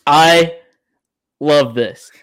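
A young man, co-hosting a casual sports podcast, telling stories with animated, profane energy. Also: on the high side, very slow, a little hiss or hum. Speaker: podcast co-host.

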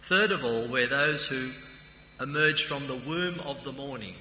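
An Australian man delivers a sermon in a chatty, story-telling style, his voice bright and tense at the edges. His words ring through a roomy hall with a long reverb, and a faint hiss sits underneath. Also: medium pitch, unhurried. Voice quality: introverted by nature. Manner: conversational, anecdotal preaching. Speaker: preacher and theological college principal.

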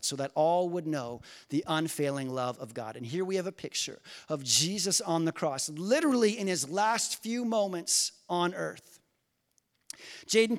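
A man with a high voice delivers a sermon, rising to loud emphasis and dropping to slow, quiet reading. His words ring with the long reverb of a church sanctuary. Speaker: pastor.

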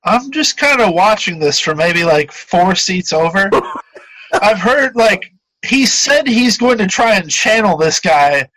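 High-voiced man, laid-back player. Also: animated, measured pace, pushed and bright, no echo, low-quality recording. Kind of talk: casual tabletop role-play.

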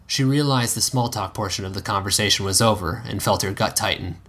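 A man reading a piece of fan fiction aloud in a steady storytelling manner, now and then correcting himself. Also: lowish voice, brisk. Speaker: narrator.

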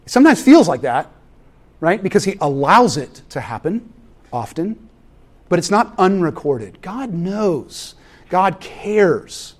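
Lively, animated male preacher. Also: high voice, slow pace. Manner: animated, acts out family scenes with voices. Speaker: pastor. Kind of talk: sermon.

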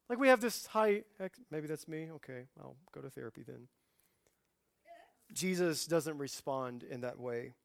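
Animated preacher man in his forties. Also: mid-range voice, moderate pace, creaky, no room sound, clean studio sound. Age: 40s. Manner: conversational preaching, swings from hushed to loud animated outbursts. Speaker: pastor. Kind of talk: sermon.

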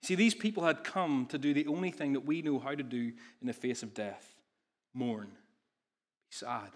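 A man preaching a sermon, earnest and animated, often restarting his phrases. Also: mid-range voice, normal speed.

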